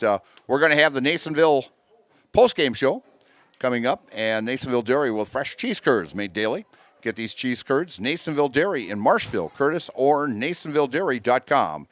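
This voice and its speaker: A man's voice: mid-range voice, dry recording. Rambling small-town football announcer, a man. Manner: relaxed, rambling, many "uh" fillers. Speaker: play-by-play announcer. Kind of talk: sports commentary and sign-off.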